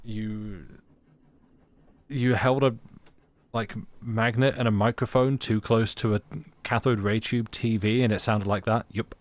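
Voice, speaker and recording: A man's voice: lowish voice, steady tone, unhurried, no room sound. A young man streaming a narrative game, chatting casually and joking with many restarts.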